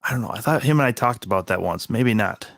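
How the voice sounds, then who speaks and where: Laid-back man with a low voice. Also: expressive, quick pace, fairly bright tone, no room sound, studio quality. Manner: loose, hesitant, lots of "dude" and "um". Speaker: podcast co-host. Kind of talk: casual chat.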